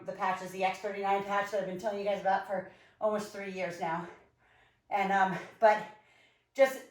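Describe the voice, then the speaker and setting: A woman leading a home workout, coaching and counting down reps in an energetic, encouraging way while out of breath. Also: medium pitch. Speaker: fitness instructor. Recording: echoey room, mic far off.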